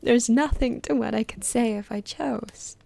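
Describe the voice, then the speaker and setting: A woman's voice: a little high, vocal fry, a little mellow, exaggerated voice. Woman putting on a lecturing old Duchess. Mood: moralizing. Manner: lecturing, slow and drawn-out. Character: pompous moralizing old Duchess. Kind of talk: whispered role-play.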